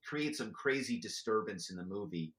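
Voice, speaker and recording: A man talking as a podcast guest, telling stories in a lively, chatty way with many "you know"s. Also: lowish voice, moderate pace, roomy sound. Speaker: podcast guest, former corporate spy. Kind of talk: animated storytelling.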